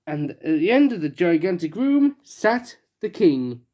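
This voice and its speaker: A woman's voice: fairly low pitch, very animated, a little slow, warm tone. A woman reading a children's picture book aloud with playful, chatty asides. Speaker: storybook reader.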